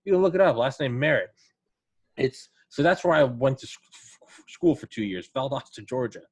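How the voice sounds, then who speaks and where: A man's voice: medium pitch, expressive, normal speed, breathy edge. A man in casual podcast chat, telling profane stories and quoting friends' voices. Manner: profane, storytelling with quoted voices.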